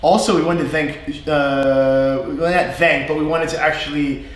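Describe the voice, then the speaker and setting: A man with a North Jersey and New York accent, co-hosting a casual live English lesson, chatty and quick to laugh. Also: a little high, steady tone, very echoey. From US East Coast, North Jersey/New York area. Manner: chatty, laughs often, stretches vowels to demonstrate.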